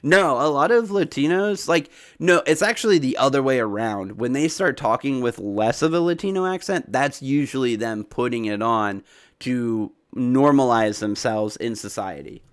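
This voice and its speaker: A man with a softened Southern US accent, chatting casually on a livestream, rambling with lots of fillers and sudden excited jumps in pitch. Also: normal speed, smooth, no room sound, studio quality. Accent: Southern US, softened toward neutral American. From Southern United States. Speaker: streamer answering chat.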